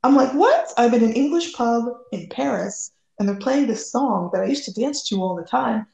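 A woman from the United States, a guest telling a personal story in a lively way, acting out the quoted lines. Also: fairly high pitch, moderate pace, vocal fry, roomy sound, poor audio. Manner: lively, acts out quoted dialogue.

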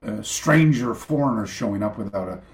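An older man tells rambling, animated stories, his pitch swinging widely as he circles back and restarts his sentences. He speaks as a guest over a video call, and his voice carries a roomy echo. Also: brisk. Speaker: guest, karate master. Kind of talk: casual storytelling interview.

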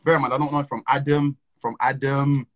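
A young man tells a personal story in a relaxed, slang-heavy way, often breaking into laughter. His voice sits at an ordinary middle pitch. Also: brisk, low-quality recording. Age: young adult. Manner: slangy, animated, laughs between phrases. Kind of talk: casual storytelling chat.

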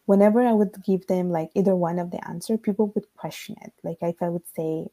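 A woman's voice: fairly low pitch, fairly even intonation, a little fast, mellow, no echo. A woman with an Italian accent, a podcast guest telling her own story thoughtfully, in long searching runs full of fillers. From Italy. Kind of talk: reflective personal storytelling.

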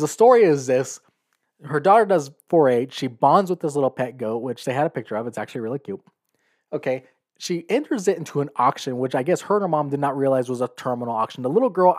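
A man hosting his own podcast, talking in a casual, blunt monologue. His voice sits a little high for a man. He reads news stories with open sarcasm and laughs at them. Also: darkish tone. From California. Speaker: podcast host.

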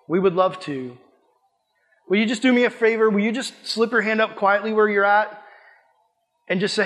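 A man's voice: high-pitched, a little fast, fairly bright tone, big-room sound. A young man preaching a sermon, impassioned and conversational, acting out little quoted asides as he goes. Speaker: youth pastor.

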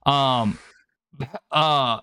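A man's voice: medium pitch, extremely slow, bright, forceful tone, smooth, no room sound, clean studio sound. A man co-hosting a casual podcast chat, profane and joking, laughing often. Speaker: co-host.

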